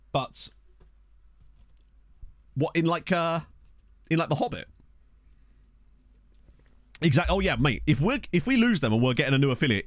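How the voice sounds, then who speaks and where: A man's voice: medium pitch, dry recording, studio quality. A man streaming a game, chatting casually and thinking aloud as he talks to his viewers. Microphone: desk microphone.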